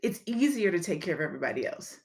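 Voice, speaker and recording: A woman leads a live-streamed motivational talk in a low, sing-song voice, speaking fast. She is candid, reads comments from viewers aloud, and has a slight lisp.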